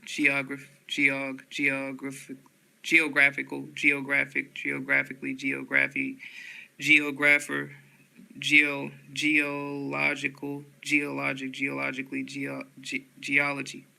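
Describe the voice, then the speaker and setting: A man slowly reading dictionary headwords aloud in a flat monotone, often restarting words. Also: mid-range voice, vocal fry, low-quality recording.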